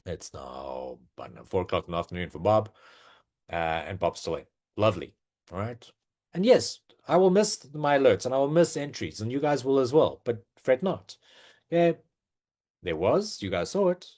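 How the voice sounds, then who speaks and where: Lively low-voiced man leading a webinar. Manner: animated, with sudden excited exclamations; chatty and informal, often asking "all right?". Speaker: trading webinar presenter. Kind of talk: live trading walkthrough.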